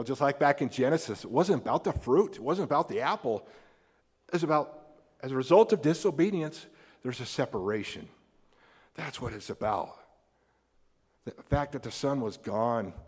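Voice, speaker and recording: Animated American preacher in a reverberant hall. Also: male voice, breathy edge. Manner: animated, acts out quoted characters with big pitch jumps. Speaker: pastor. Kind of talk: sermon. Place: church sanctuary.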